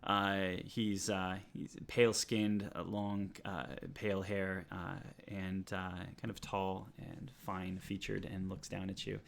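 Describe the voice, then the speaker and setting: A man narrating a tabletop game as game master, halting with many filler sounds. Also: deep voice, monotone, creaky.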